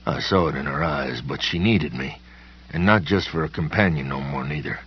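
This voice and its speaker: A man narrating a first-person horror audiobook in a slow, folksy way with plain country grammar, his voice husky. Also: rumbling low, dull audio.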